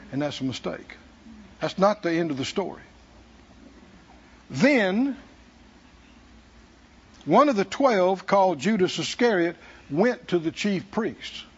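A man's voice: high voice, breathy edge, dull audio. A man preaching a sermon as pastor, emphatic and repetitive in a church.

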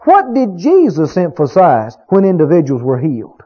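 Animated high-pitched male preacher. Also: moderate pace, breathy edge. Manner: emphatic, rhetorical questions to the congregation. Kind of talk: sermon. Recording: dull lo-fi recording.

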